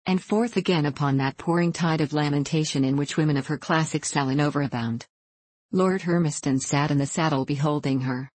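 A woman reading a classic novel aloud as an audiobook narrator, in measured, even storytelling. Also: low voice, dry recording.

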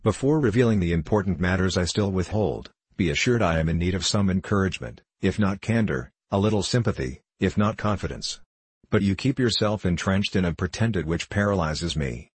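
A man's voice: sits low, lively intonation, a little fast, husky, no room sound. A man voicing a scheming older bishop and former musketeer who speaks in a formal, pleading, courtly way.

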